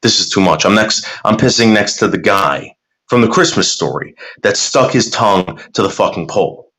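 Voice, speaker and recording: A man's voice: on the low side, lively intonation, moderate pace, a bit bright. A man casually chatting and telling a rambling, profane story while reacting to viewer comments.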